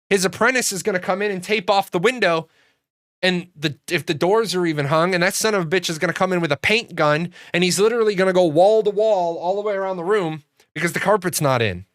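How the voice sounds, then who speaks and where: Profane, rambling man with a high voice. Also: fairly bright tone, no echo, clean studio sound. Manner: profane, rambling, acts out dialogue in storytelling. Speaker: gaming channel host. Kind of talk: casual commentary monologue.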